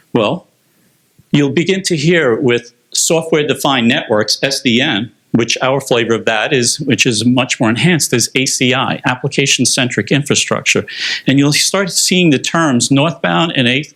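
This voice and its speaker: A man's voice: mid-range voice, a little slow, a bit bright. A man giving a conference presentation on technology, explaining slides step by step with frequent fillers.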